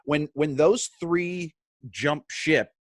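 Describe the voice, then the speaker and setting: A man's voice: a little high, extremely slow, no echo, studio quality. A man hosting a podcast, talking bluntly and casually about himself. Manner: relaxed, blunt and self-deprecating. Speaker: podcast host. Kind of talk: casual chat.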